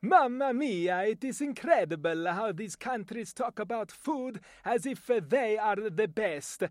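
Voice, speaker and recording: A man putting on an Italian accent as a boastful man who praises his country's food, speaking slowly and exclaiming. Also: high voice, lively intonation, no echo, studio quality. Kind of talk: voice-over accent demo.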